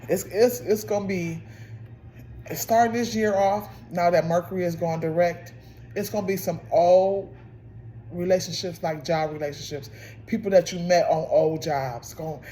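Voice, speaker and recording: A tarot reader talking straight to the listeners in a loose, chatty way, repeating phrases and restarting mid-thought. The voice sits at a middle pitch, with faint noise behind it. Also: warm tone. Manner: repetitive, restarts phrases, addresses listeners directly. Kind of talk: casual spoken tarot reading.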